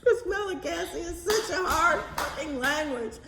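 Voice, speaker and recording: A woman vlogging in a casual, animated chatty way, swearing now and then. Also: extremely high pitch, normal speed, roomy sound, loud music behind the voice. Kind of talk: casual chat to camera.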